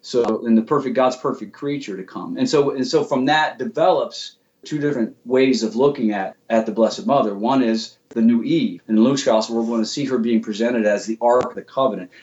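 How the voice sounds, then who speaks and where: A man's voice: mid-range voice, a little fast, darkish tone, dull audio. A man earnestly explaining scripture and Greek grammar in a theological discussion, often restarting and repeating words. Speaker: guest theologian.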